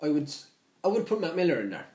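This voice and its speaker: A man's voice: on the high side, sing-song, quick pace, a little mellow. A young man, co-hosting a casual podcast chat, rambling with lots of swearing and restarts. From Ireland. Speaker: podcast co-host. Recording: echoey room.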